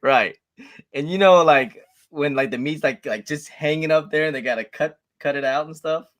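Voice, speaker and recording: A man's voice: on the high side, moderate pace. A man chatting as co-host on a livestream, retelling stories with a lot of laughter. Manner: laughing storyteller, animated retellings. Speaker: co-host friend. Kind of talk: casual chat.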